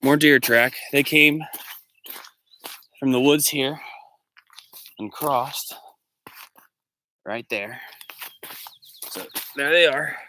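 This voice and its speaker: Male vlogger, bright and forward, rambling chatter on a phone in the woods with faint noise behind. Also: mid-range voice, very slow, pauses often. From Pennsylvania. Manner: rambling, chatty, reads out viewer comments. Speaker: teacher and vlogger. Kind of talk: live-stream walking vlog. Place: outdoors, walking in the woods.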